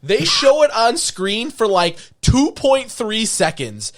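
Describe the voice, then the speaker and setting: Guy on a podcast ripping on a cheesy movie, lively voice that jumps up and down, keeps laughing. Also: sits high. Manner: animated, laughs often, acts out film lines in quick voices. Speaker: podcast co-host. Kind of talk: casual movie recap chat.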